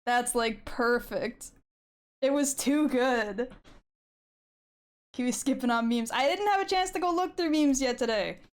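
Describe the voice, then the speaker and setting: A woman streamer in relaxed chat while she draws live, swearing often and laughing easily. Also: high-pitched, measured pace, pauses often, clean tone. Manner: calls herself loud.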